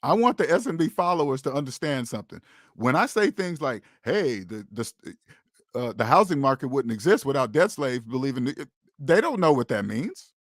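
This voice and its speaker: A man's voice: medium pitch, big pitch swings, a little fast, no room sound, clean studio sound. A man hosting a finance channel, talking to viewers in a casual, emphatic monologue full of rhetorical questions and repeated "okay?".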